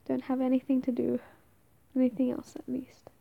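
A woman's voice: sits high, completely flat delivery, moderate pace, gravelly, no echo, phone-quality sound, heavily acted. A young woman playing an affectionate, playful girlfriend in an audio role-play, giggling, teasing and stumbling over her words.

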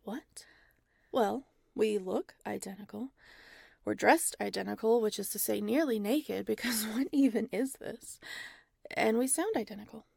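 A woman plays a playful, uninhibited clone who teases and coaxes, often dropping into a whisper. Her voice is slightly high and heavily gravelly with fry. It is recorded close and dry. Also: a little slow, a little mellow, no echo, full character voice. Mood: suspicious. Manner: teasing, seductive, often whispered. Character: teasing, uninhibited female clone of the scientist. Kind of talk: erotic audio role-play.

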